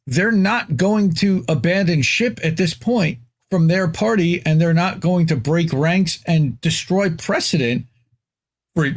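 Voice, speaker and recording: Brief: male guest commentator, slightly high voice, blunt and mocking, stammering restarts. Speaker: guest, independent news commentator. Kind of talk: casual political chat.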